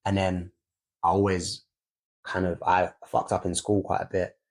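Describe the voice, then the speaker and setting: A young man co-hosts a candid podcast about fatherhood, swearing freely and loudly re-enacting scenes. His low voice is level and unhurried, with vocal fry.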